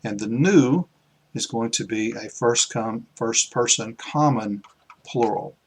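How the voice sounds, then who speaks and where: A man teaching a recorded lecture, explaining patiently with pauses and small restarts as he writes. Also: mid-range voice, a little hiss or hum.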